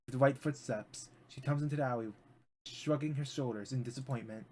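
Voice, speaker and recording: A man's voice: medium pitch, a little fast, mellow. A man streaming as a VTuber, reading a visual novel aloud with drama and breaking into rambling asides.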